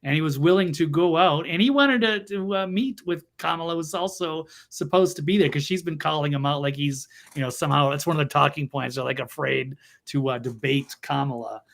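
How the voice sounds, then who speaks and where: Gravelly man giving scornful commentary. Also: on the high side, brisk, hardly any pauses, a bit bright. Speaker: co-host. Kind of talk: casual political talk.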